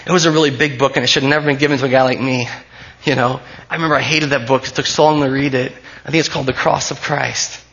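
A man's voice: medium pitch, fairly even intonation, quick pace, fairly bright tone, highs cut off. A man preaching a sermon as pastor, earnest and emphatic, often repeating key phrases.

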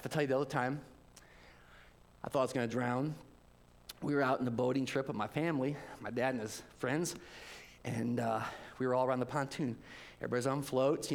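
A man preaching a sermon, telling personal stories in an animated way and swinging between loud and hushed delivery. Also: a little high. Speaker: pastor.

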